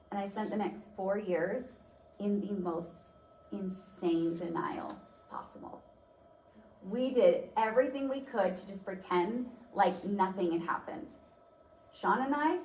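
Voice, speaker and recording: A woman giving a motivational talk, telling a personal story in a conversational way with many fillers. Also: mid-range voice. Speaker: speaker. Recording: roomy, distant mic, faint noise.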